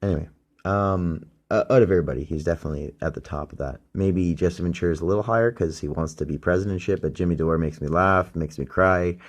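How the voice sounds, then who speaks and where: Low dude ranting into his phone, swears a ton, rambly solo podcast. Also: fast. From Canada. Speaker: podcast host. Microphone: phone used as microphone.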